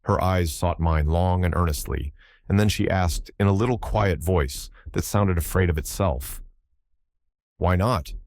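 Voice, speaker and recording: Deep-voiced male audiobook narrator. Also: moderate pace, a little mellow, no echo. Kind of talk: scripted narration.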